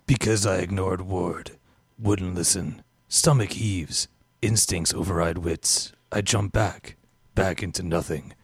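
A hard-boiled noir narrator, gruff and full of regret, each clipped phrase dropped low and slow. The voice is very deep and husky, close and dry on the mic, like a grim pulp detective telling his own story. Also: fairly even intonation, dry recording, heavily acted. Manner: slow, clipped staccato reading. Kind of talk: dramatic reading from a comic.

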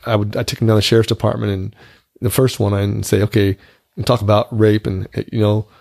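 A man's voice: lowish voice, little pitch movement, brisk, vocal fry, darkish tone, no echo, clean studio sound. A man in his fifties talking frankly and earnestly in a casual conversation, often repeating words as he starts a thought.

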